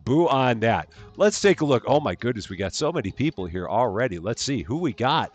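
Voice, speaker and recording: A man's voice: fairly low pitch, expressive, unhurried, faint music behind. A man hosting a live game stream, greeting viewers by name in a cheerful sing-song lilt. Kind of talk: live gameplay stream chat.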